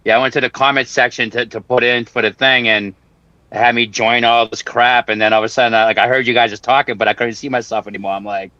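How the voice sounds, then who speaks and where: A man chatting casually and profanely, rambling through a story and putting on quick mock voices. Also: medium pitch, little pitch movement, pushed and bright, no room sound. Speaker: guest on a home-grow talk stream. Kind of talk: casual chat. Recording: dull, dry lo-fi audio.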